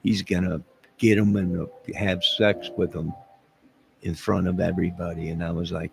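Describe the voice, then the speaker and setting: A man's voice: low-pitched, level tone, normal speed, vocal fry, over music. A man talking to his camera in a rambling casual monologue, telling a story with asides and chuckles. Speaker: vlogger.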